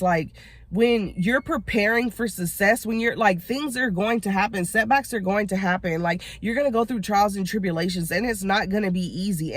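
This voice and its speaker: A woman's voice: mid-range voice, no echo. A woman talking from inside her car in a casual motivational vlog, earnest and rambling, often saying "you know what I'm saying.". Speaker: motivational vlogger.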